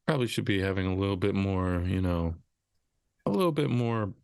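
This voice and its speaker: A man's voice: deep voice, expressive, fairly quick, creaky, darkish tone, smooth, no room sound. A man co-hosting a casual podcast chat, adding wry, laid-back asides. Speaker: podcast co-host.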